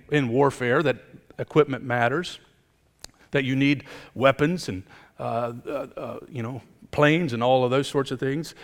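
Male pastor, middle-aged, emphatic sermon delivery, mid pitch, reverberant sanctuary. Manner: emphatic preaching, building up and then dropping low. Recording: long hall reverb.

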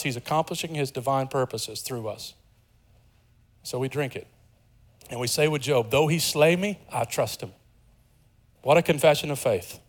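A man preaching a sermon as pastor, earnest, dropping to a hush and then rising with emphasis. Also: medium pitch. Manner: earnest, swings from hushed to emphatic.

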